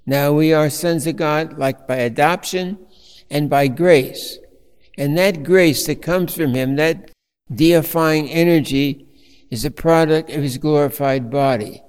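A man preaching a sermon as a priest, telling a story slowly with fillers and restarts. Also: a little high, a little mellow, clean tone, long reverb tail.

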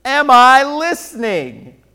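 A man preaching a sermon as pastor, telling a story and moving between loud emphasis and near-hushed delivery, drawing out key phrases. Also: very high-pitched, big pitch swings, takes it slowly, clear, resonant tone.

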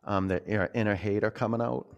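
A man teaching a yoga class, gently cueing breath and poses in a loose, conversational way. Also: fairly low pitch, fairly even intonation, fast, vocal fry, muffled recording.

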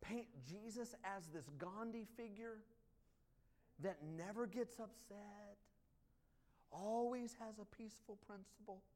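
A man preaching a sermon as pastor, swinging from hushed lines to loud ones and joking with the congregation. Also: high voice. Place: church.

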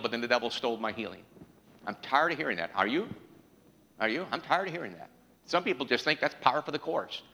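Gravelly, bright-voiced preacher man in a reverberant hall. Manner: rising to an impassioned, preaching pitch with repeated questions to the congregation. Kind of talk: sermon. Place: church.

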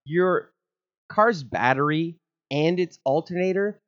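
A man's voice: fairly high pitch, slow, fairly bright tone, highs cut off. A man co-hosting a casual podcast, trading dry jokes and banter. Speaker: podcast co-host. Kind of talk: casual chat.

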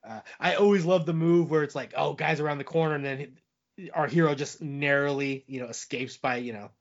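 A man's voice: fairly high pitch, brisk, lo-fi sound. A man co-hosting a podcast, chatting casually about a film in a rambling way, restarting sentences as he goes. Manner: rambling, with frequent restarts and hedging fillers. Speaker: podcast co-host reviewing movies. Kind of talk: casual chat.

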